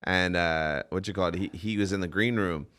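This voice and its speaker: A man hosting a podcast, chatting casually and telling an anecdote with laughter and lively quoted speech. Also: low-pitched, normal speed, clean tone. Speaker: podcast host. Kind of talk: casual chat.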